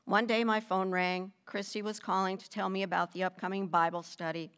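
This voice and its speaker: An older woman reading her personal faith testimony in a measured, deliberate storytelling manner with gentle emphasis. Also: mid-range voice, little pitch movement, clean tone.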